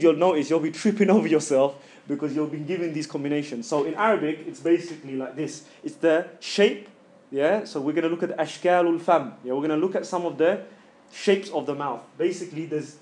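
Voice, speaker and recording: A man's voice: a little high, a little mellow. A man teaching Quran recitation in a casual classroom style, voicing sounds aloud to show them and checking in with "yeah?" as he goes. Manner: chatty, keeps checking in with "yeah?". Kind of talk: informal classroom lesson.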